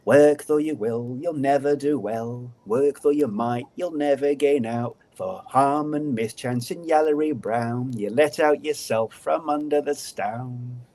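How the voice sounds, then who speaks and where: A man voicing a tiny spiteful male fairy creature with a high, sing-song, teasing voice in a spoken folk tale. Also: expressive, moderate pace, darkish tone, close to an everyday voice. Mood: mocking.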